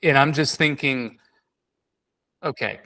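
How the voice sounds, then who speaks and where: A man in casual podcast conversation, spinning an animated personal story. His voice has a bright, pushing quality. He stumbles, restarts and piles on fillers as he goes. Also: mid-range voice, takes it slowly. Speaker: podcast host.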